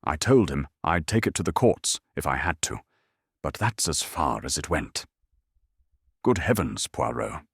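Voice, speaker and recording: Narrator as a nervous, blustering English gent, deep voice, flustered. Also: male voice, sing-song, unhurried, creaky, slightly rough, no room sound, clean studio sound, heavily acted. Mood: indignant. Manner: flustered and indignant. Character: nervous florid English gentleman, middle-aged.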